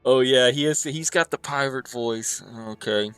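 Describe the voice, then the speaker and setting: Slow, bright-voiced male streamer, easygoing, dry close mic. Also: mid-range voice, clear, resonant tone, no room sound, faint music behind. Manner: easygoing, laughs often. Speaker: co-host playing a game for the first time. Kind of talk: casual gaming stream chat.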